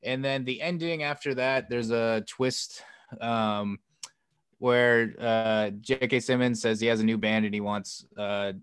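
A man's voice: mid-range voice, steady tone, unhurried, clean tone, no echo. A man co-hosting a podcast, casually recounting a story in a loose, rambling way full of "like" and "um". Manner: loose and rambling, heavy use of "like" and "um"; acts out quoted lines with a lifted voice. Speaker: podcast co-host. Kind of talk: casual chat recounting a film plot.

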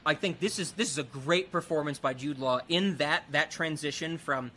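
A man's voice: on the high side, moderate pace, a little hiss or hum. A man casually recapping a movie, acting out characters' lines as he goes. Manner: animated, acts out characters' lines. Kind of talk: casual film recap chat.

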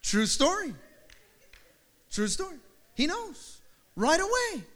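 A man's voice: extremely high pitch, big pitch swings, slow pace, a bit bright. A male pastor preaching a sermon in a rising, repeating preacher cadence, with humorous asides and family stories.

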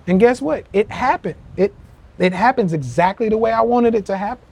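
A man's voice: high-pitched, lively intonation, a little fast, creaky, a little mellow, husky. A man hosting a live social media rant podcast, talking in an emphatic, profane and repetitive way, acting out quotes with animation. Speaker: podcast host. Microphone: phone.

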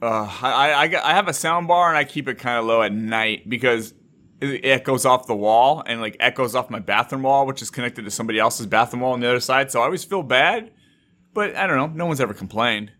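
A man hosting a casual podcast, laid-back and jokey, who mocks others in loud put-on voices. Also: medium pitch, a little fast. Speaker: podcast host.

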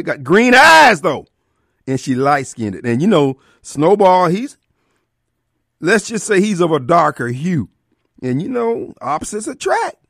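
A man hosting a radio show, telling a comic story with an animated, exaggerated delivery and sudden outbursts. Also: on the high side, no echo, clean studio sound. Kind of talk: comedic storytelling.

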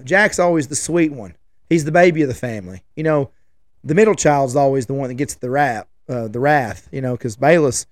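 A man's voice: medium pitch, dry recording. A chatty man, hosting his own podcast. He wanders from one story to the next, restarting sentences and trailing off. His mid-range voice sounds dry and close, with no room around it. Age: 40s. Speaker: podcast host. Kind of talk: casual rambling storytelling.

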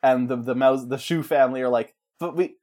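A man in casual chat, pitching a story in a rambling, jokey way and slipping into character voices. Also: little pitch movement, a little fast, darkish tone.

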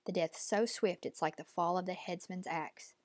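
A woman's voice: fairly low pitch, fairly even intonation, normal speed, darkish tone, no room sound, studio quality, close to an everyday voice. A woman reading an audiobook, voicing a stern, cold, commanding old woman who speaks in clipped, imperious lines. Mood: menacing.

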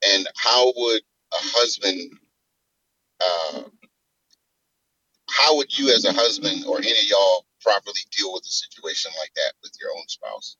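A man calling in to a talk show, telling a story in a halting way with many restarts. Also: fairly low pitch, pushed and bright, husky, no echo, muffled recording. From South Carolina. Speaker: caller. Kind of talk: casual call-in talk.

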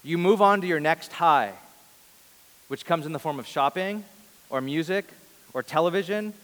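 Pastor preaching in an echoing hall. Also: male voice, a little high, normal speed. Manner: reads scripture softly, then preaches with rising intensity on questions. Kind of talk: sermon. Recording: long reverb of a large hall.

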